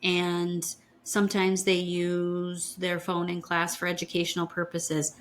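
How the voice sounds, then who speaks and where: A woman's voice: on the low side, monotone, a little slow, a little hiss or hum. A woman in her fifties, co-hosting a podcast, retelling a true-crime story in a blunt, indignant way and swearing freely. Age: 50s. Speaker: podcast co-host.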